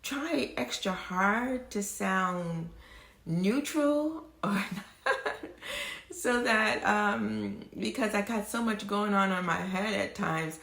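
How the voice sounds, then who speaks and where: A woman's voice: mid-range voice, takes it slowly, gravelly, roomy sound. A woman from the United States, a beauty YouTuber, chatting casually to viewers in a rambling, digressive way. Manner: rambling and warm, with many restarts and digressions. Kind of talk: casual chat to viewers on a live stream.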